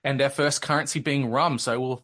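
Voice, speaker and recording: A man's voice: mid-range voice, steady tone, brisk, a bit bright. A man in his thirties with an Australian accent, hosting a podcast in a joking, laid-back manner. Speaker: podcast host. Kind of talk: casual podcast chat.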